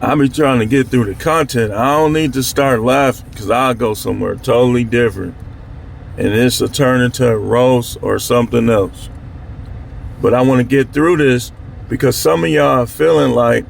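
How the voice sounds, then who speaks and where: Blunt, gravelly man ranting to his viewers. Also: mid-range voice, normal speed, a little hiss or hum. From Milwaukee, Wisconsin. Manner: blunt, slangy, fired-up, addresses viewers directly. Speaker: channel host. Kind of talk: candid to-camera monologue.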